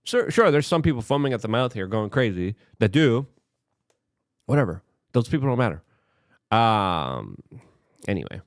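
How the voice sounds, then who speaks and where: A man's voice: on the low side, very animated, normal speed, pauses often, no echo, clean studio sound. A man giving heated, sarcastic political commentary and talking straight to the viewer.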